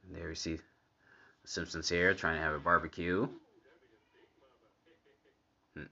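A man's voice: low-pitched, level tone, pushed and bright, muffled recording. A man giving casual commentary while watching a cartoon episode. He laughs often and chats in an easy way. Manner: laughs often, unhurried and chatty.

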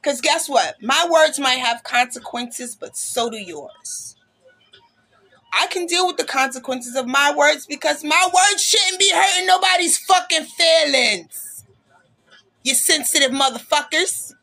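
A woman's voice: high-pitched, animated, measured pace, bright, forceful tone, faint music behind. A woman hosting a casual podcast, talking bluntly and passionately, with plenty of swearing. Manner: blunt, profane, passionate ranting. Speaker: podcast host.

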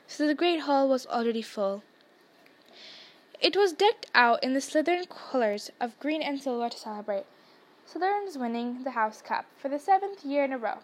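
A woman reading a novel aloud with steady storybook narration. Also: high-pitched. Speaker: podcast reader.

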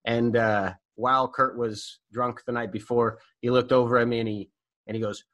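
A man with a bright, forceful voice tells a story as a guest in casual talk. His delivery is animated and profane, with plenty of filler words, and his pitch sits in an ordinary middle range. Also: moderate pace. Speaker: guest telling stories.

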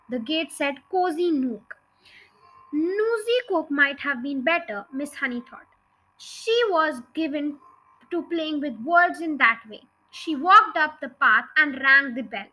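A woman narrating a children's novel chapter in a steady, measured reading. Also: high-pitched, low-quality recording. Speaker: audiobook reader. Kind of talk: storybook reading.

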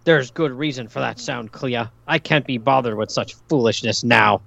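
A man's voice: mid-range voice, normal speed, gravelly, pushed and bright, no room sound, muffled recording, heavily acted. A man reading aloud as a stern male sorcerer who scolds his disciple in formal words. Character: stern male sorcerer master, aloof and serious.

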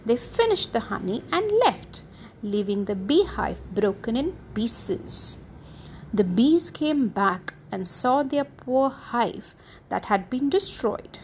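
A woman reading a children's story aloud in an expressive, sing-song manner. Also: on the high side, takes it slowly, slight background noise, low-quality recording.

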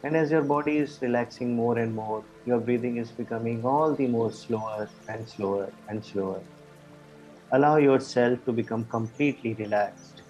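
A man coaching a group through a guided meditation, giving slow, soothing, repetitive relaxation cues over an online call. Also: medium pitch, a little mellow, highs cut off. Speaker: life coach leading a guided relaxation session.

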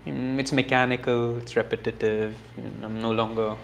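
A man gives a reflective spiritual teaching on scripture, earnest and self-deprecating, often chuckling softly. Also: medium pitch, level tone, normal speed, creaky, slight background noise. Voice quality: earnest and self-deprecating, with frequent soft laughs.

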